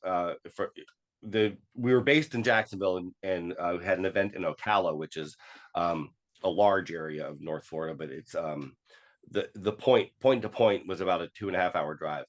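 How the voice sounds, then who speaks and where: A man's voice: sits low, moderate pace. A man talking as a podcast guest, telling a personal story with many fillers and restarts and acting out quoted dialogue.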